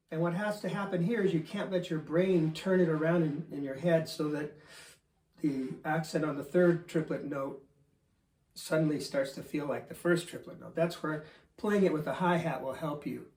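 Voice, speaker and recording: A fairly high, mellow man's voice, a drum teacher in his fifties talking through rhythm exercises and counting them in. He sounds relaxed and methodical. His voice rings in an echoey studio room. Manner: relaxed, explains step by step with counting. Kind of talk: instructional demonstration.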